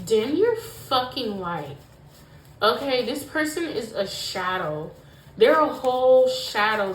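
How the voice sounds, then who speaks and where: A woman giving a pick-a-pile tarot reading to her viewers, emotional and emphatic, swearing often and filling her talk with "like". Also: on the high side. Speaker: tarot reader. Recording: echoey room with faint noise.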